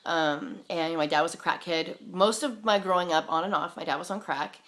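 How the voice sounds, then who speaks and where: A woman with a slightly low voice, rambling on camera in a loose, unscripted monologue. She swears freely and keeps restarting her sentences, padding them with fillers, and comes across as candid and defiant. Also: moderate pace, a bit bright. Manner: profane, many "like" fillers and restarts. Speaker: vlogger sharing spiritual stories.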